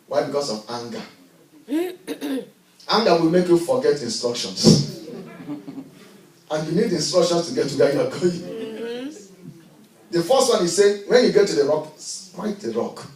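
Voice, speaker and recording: Male pastor, high lively voice, preaching from hushed to shouting, echoey church heard from afar. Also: measured pace, long pauses. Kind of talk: sermon. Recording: echoey church, miked from a distance.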